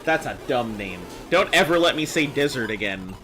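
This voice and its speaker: A man's voice: mid-range voice, expressive, moderate pace, sharp tone, soft background music. A man streaming live, chatting casually with viewers, reading chat messages aloud and joking as he goes.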